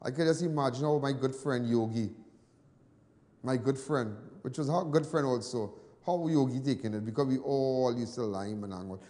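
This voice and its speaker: A Trinidadian man hosting a news show, telling personal stories in casual commentary, animated and then low and soft when sad. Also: normal speed, long reverb tail. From Trinidad and Tobago.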